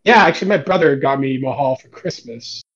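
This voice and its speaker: Man, podcast co-host, mid pitch, rambling, muffled lo-fi sound. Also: brisk, a bit bright. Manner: rambling, full of fillers. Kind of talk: casual podcast chat. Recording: dull lo-fi mic.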